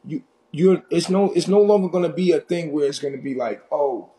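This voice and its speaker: A man's voice: on the high side, a little fast, dark tone, a little hiss or hum. Intense New York man ranting. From Harlem, New York. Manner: intense, confrontational, profane. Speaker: live stream host. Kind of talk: heated live stream rant.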